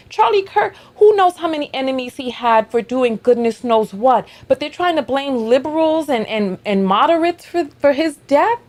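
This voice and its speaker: A woman's voice: high voice, darkish tone. A woman hosting a reaction commentary, talking in an indignant, exasperated way. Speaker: commentary host.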